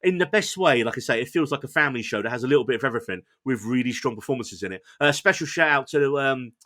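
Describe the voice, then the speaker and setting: A man's voice: medium pitch, lively intonation, quick pace, bright, forceful tone. A man co-hosting a podcast, chatting enthusiastically about a show he enjoyed, with a playful, self-deprecating manner. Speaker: podcast co-host reviewing shows. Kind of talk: casual review chat.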